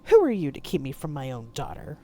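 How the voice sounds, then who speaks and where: A woman's voice: low voice, wildly swooping pitch, a little fast, dark tone. Woman putting on a pleading ghostly mother. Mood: reproachful.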